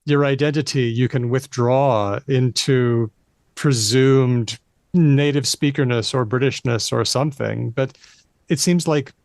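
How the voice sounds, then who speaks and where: A man hosting a podcast interview, jumping in with lively, emphatic remarks. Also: mid-range voice, measured pace, no room sound, clean studio sound. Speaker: podcast host. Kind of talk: conversational interview.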